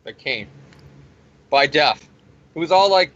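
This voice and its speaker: A man's voice: sits high, expressive, normal speed, bright, forceful tone. A man recapping a comic issue in a rambling, profane, sarcastic way, as the host of a review show. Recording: dull lo-fi recording.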